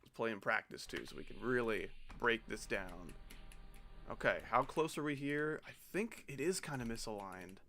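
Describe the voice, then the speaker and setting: A man's voice: mid-range voice, lively intonation, normal speed, pushed and bright. Exasperated young man ranting over a game. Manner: exasperated, swearing, incredulous questions. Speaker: gaming streamer. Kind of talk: frustrated live gameplay commentary.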